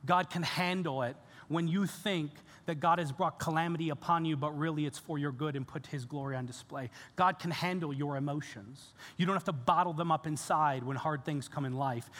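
A male pastor preaching a sermon, earnest and animated, with casual fillers and restarts. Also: on the high side. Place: church sanctuary. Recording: church hall reverb.

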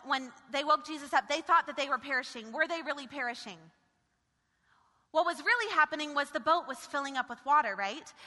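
A woman preaching a sermon, moving between loud, forceful commands and quiet, intimate passages. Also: sits high. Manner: dynamic, shifting from shouted commands to hushed intimacy. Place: church sanctuary. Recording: reverberant church hall.

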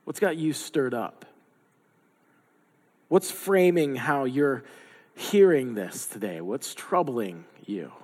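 A man's voice: mid-range voice, animated, slow, long pauses, a little mellow. A man giving a sermon in a conversational way, slipping into the voices of the people he quotes with playful asides. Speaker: pastor. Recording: long hall reverb.

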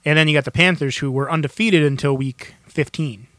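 Excitable higher-voiced man, dry sound. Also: a little fast, dry recording. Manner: excitable, laughs often, restarts sentences. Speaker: podcast co-host. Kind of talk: casual chat.

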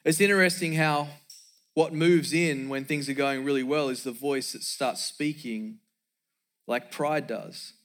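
A man's voice: fairly high pitch, fairly even intonation, measured pace, a bit bright. A man preaching a sermon as pastor, emphatic, repeating key lines for effect and dropping in joking asides.

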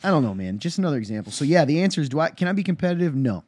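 A man, a pastor, co-hosting a casual talk show and telling stories in a quick, emphatic way. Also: a little high, no room sound, studio quality. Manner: animated storyteller, quick and emphatic. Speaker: pastor and podcast co-host. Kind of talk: casual chat.

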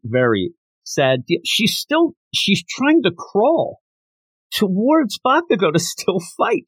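Guy from the states recapping manga on a podcast, really animated, bouncy pitch, dry close sound. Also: no echo. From United States. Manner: animated, breaks into quick acted quotes and mock announcer yells. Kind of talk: casual recap and commentary.

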